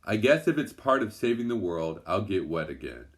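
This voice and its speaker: A man's voice: sits low, sing-song, moderate pace. A reluctant young girl from a children's book, sighing with exaggerated grumbling, read by a man. She sounds put-upon but goes along anyway. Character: reluctant young girl, fed up with getting wet.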